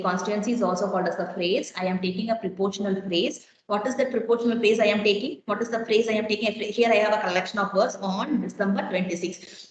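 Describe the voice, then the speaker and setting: Woman lecturing in a very echoey classroom. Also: medium pitch. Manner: explains step by step and quizzes students with repeated questions.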